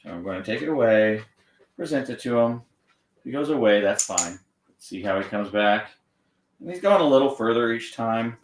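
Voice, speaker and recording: A man training a dog on camera, gently encouraging it and explaining each step. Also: mid-range voice, animated, moderate pace, distant mic. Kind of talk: live training demonstration with explanation. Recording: echoey room, off-mic, faint noise.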